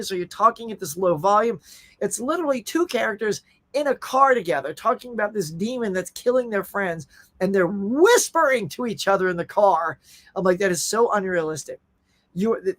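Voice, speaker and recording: A middle-aged man with a high-pitched, slightly bright voice hosts a casual live stream. He chats animatedly and reads viewer comments aloud.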